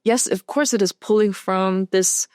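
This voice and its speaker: A woman film director speaking as a guest in a casual interview, thinking aloud in a halting way with many restarts. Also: mid-range voice, steady tone, darkish tone, clean tone, dry recording, clean studio sound. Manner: thoughtful, halting, full of "like" and restarts.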